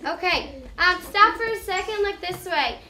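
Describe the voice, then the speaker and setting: A woman teaching an elementary classroom, explaining things clearly and step by step in an encouraging way. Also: very high voice, lively intonation, moderate pace, bright, forceful tone. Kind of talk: classroom instruction.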